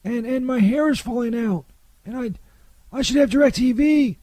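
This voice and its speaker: A man doing a squeaky, stammering Saint Peter. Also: unhurried, dark tone, no room sound. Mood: flustered. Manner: stammering, hesitant, touchy. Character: bumbling male Saint Peter auditioning for an ad. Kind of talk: comedy sketch.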